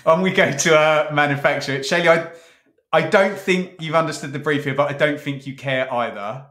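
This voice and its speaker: A man hosting a casual chat, teasing his co-host in a playful, brisk way. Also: on the high side, a bit bright, roomy sound. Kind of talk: casual chat ranking football kits.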